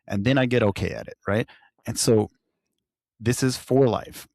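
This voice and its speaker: A man's voice: medium pitch, moderate pace, vocal fry, dry recording, studio quality. A man co-hosting a podcast, telling stories in a casual chat and livening up when he quotes others. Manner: storytelling, animated when quoting others. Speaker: podcast co-host, firefighter.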